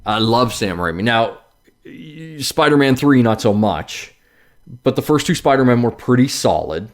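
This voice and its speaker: Casting: male podcast host, lively pitch swings, casual, swears freely. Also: moderate pace. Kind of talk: casual chat.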